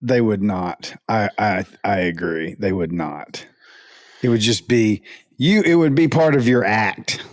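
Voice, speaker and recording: A man in casual podcast chat as a fishing videographer guest, easygoing and quick to laugh, with dry quips. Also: on the low side.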